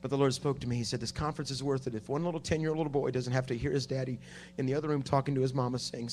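A man preaching a sermon at a conference, dropping to a hush and then rising to shouting. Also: medium pitch, steady tone, racing, a little hiss or hum. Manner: swings from hushed to shouting preaching. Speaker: pastor. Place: conference hall.

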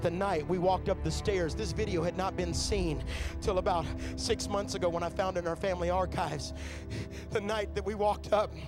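A man preaching a sermon through fervent storytelling that builds toward shouts. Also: high voice, fairly even intonation, normal speed, music in the background. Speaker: pastor.

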